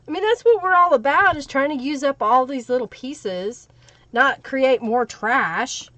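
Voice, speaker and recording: A woman's voice: sits high, lively intonation, measured pace, sharp tone, no echo. A woman with an Oklahoma Southern accent hosting a live crafting stream, chatting casually and answering viewer comments as she works. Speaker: livestream crafting host.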